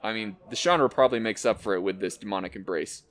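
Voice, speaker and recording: A man hosting an unboxing, excitedly calling out card names and cracking quick jokes as he goes. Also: fairly low pitch. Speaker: host opening card packs. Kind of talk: casual unboxing commentary.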